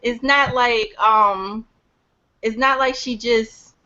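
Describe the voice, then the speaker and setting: A woman's voice: on the high side, fairly even intonation, slow pace, sharp tone, muffled recording. A woman in a casual chat, arguing her point with casual swearing.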